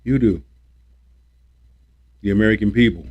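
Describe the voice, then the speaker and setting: Man, low-pitched, preachy livestream rant, repeats himself for emphasis, swears when worked up. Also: moderate pace, darkish tone, lo-fi sound. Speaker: livestream host.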